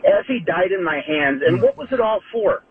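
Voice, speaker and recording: Male veteran caller, high and lively voice, husky, thin phone line. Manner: emotional, halting, angry. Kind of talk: call-in to talk radio. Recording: tinny phone line, distant.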